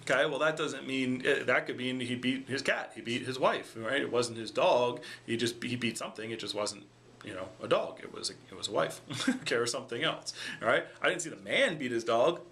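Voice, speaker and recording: A man's voice: mid-range voice, a little fast, fairly bright tone. A man talking casually to camera and arguing his point step by step, checking in with "okay?" and "right?" as he goes. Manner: explaining, repeats "okay?" for emphasis. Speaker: vlogger. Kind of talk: casual argumentative monologue.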